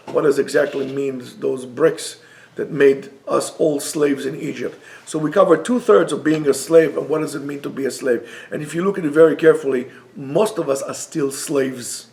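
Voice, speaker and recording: Emphatic rabbi, high gravelly voice. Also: male voice. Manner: emphatic, rising to near-shouts on key points. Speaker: rabbi teaching a class. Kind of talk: Torah lecture on materialism. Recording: roomy echo.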